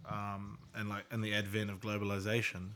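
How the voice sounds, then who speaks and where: A man, co-hosting a casual chat, mostly giving short, relaxed, agreeing replies. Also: lowish voice, fairly quick. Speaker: podcast co-host.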